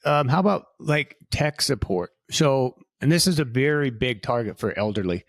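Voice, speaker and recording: A man's voice: mid-range voice, lively intonation, moderate pace, no room sound. Fifties male co-host, casual and wry, dry close mic. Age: 50s. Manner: easygoing, wry, trails off and restarts. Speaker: podcast co-host, financial advisor. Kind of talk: casual conversational podcast chat.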